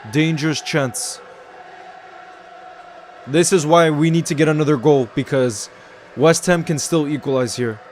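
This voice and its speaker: A man giving excitable live commentary on a football match while greeting viewers in his chat. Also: fairly high pitch, unhurried, long pauses, a little hiss or hum. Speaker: watchalong streamer.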